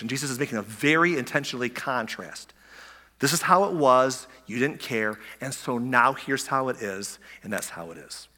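In a church with long hall reverb, a male pastor delivers a sermon at a moderate pace and medium pitch. Eager and excitable, he often restarts his words and asks listeners rhetorical questions.

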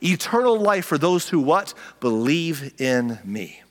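A male pastor delivering a sermon with a fairly high, very lively voice. He keeps it conversational and humorous, slipping into quick impressions of the people he quotes. The sound carries the long reverb of a large hall.

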